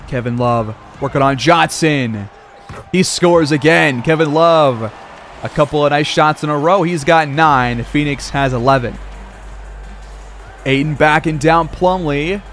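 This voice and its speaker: A man's voice: on the high side, a little slow, fairly bright tone, slight background noise. A man calling a simulated basketball game play-by-play like a sportscaster, with casual asides. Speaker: gaming video creator.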